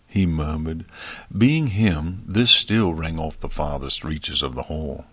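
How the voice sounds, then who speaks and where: A man narrating a fantasy story in a steady, expressive reading. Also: rumbling low, takes it slowly, husky, dry recording. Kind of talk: audiobook fiction reading.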